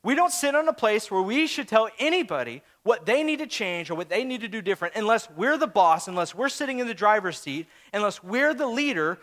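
Animated high-voiced young male pastor. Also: fairly quick, few pauses. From St. Louis area, USA. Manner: animated, acts out quoted voices, shifts between calm and shouting. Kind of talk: sermon.

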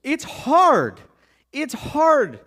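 A man preaching a sermon as a pastor, animated and conversational, with frequent asides to the crowd. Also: very high voice, very slow.

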